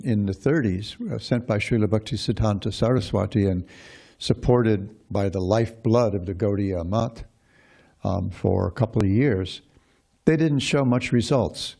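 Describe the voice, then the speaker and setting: A man teaches a scripture class in a low, gravelly voice with a dark, slightly husky tone. He rambles, using many fillers and restarting often.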